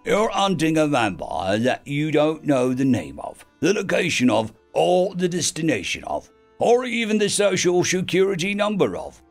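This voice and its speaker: A man's voice: a little high, big pitch swings, soft background music, voice pushed up. A man voicing a flippant talking sword. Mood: wry. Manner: flippant, joking, drawn-out delivery. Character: sardonic shape-shifting talking sword, male.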